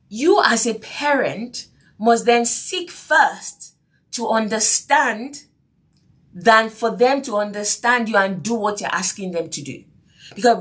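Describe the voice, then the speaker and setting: A woman hosting a faith-based parenting podcast, earnest and repetitive, often asking if you see what she means. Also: medium pitch. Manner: earnest, repeats key phrases, asks "do you see what I mean?". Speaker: podcast host.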